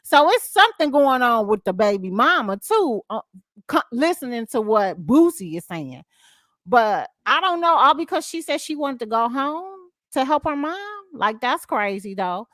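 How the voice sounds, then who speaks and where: A woman's voice: fairly high pitch, sing-song, moderate pace, fairly bright tone, no room sound, clean studio sound. A woman hosting a casual gossip podcast with a Southern US accent, talking loosely, reading posts aloud and laughing along. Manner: chatty, reads posts aloud with laughs and asides. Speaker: podcast host.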